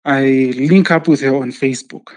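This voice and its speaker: A man's voice: medium pitch, moderate pace, a little mellow. A man telling a story in casual chat, acting out the quotes and laughing often. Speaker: podcast host telling a story.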